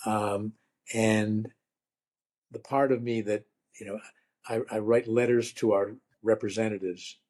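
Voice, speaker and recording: An older man, a rabbi turned comedian, telling stories and jokes in a relaxed, wry conversational way. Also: lowish voice, measured pace. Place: lives in Vermont.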